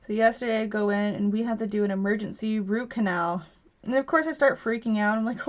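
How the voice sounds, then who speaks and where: Speaking a little fast at a medium pitch, a woman in her thirties hosts a laid-back craft stream from her home. She chats and laughs with viewers and reads their comments aloud, and the sound is dull and lo-fi.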